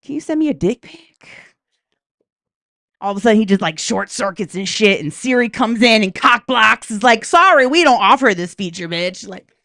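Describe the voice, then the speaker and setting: A woman's voice: on the high side, moderate pace, vocal fry, a bit bright, no echo, clean studio sound. A woman doing a brash, profane stand-up comedy set in a comedy club, talking straight to the crowd.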